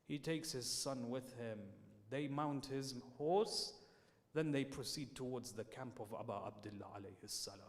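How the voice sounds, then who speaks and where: A man preaching a sermon in a mosque, telling a story with sharp rises and drops. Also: medium pitch, moderate pace. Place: mosque hall. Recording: long reverb in a mosque hall.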